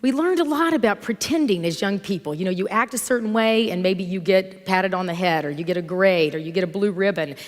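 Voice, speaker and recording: Woman minister, middle-aged, conversational sermon, animated storyteller, mid pitch, church reverb. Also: a little fast, few pauses. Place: church sanctuary. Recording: long hall reverb from church.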